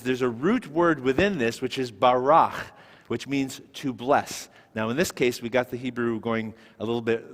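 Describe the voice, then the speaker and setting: A man's voice: medium pitch, fairly bright tone. A man teaching a Hebrew lesson to a class, explaining patiently step by step and asking questions. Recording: echoey hall recording.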